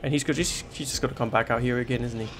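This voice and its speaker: A gaming YouTuber plays a horror game, his commentary jittery and full of swearing, and he repeats himself when scared and panicky. His medium-pitched voice stays steady in tone but moves very fast, with a noisy background.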